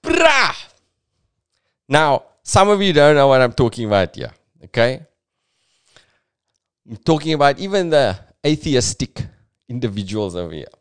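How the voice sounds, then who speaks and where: A man's voice: mid-range voice, big pitch swings, normal speed, clear, resonant tone. A South African man giving casual, reflective commentary as a podcast host, full of "you know"s.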